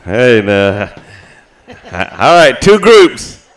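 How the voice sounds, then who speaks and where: Slow-talking joking powwow emcee man. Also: mid-range voice, very animated. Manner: joking, drawn-out calls. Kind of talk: live arena announcing. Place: outdoor powwow arena.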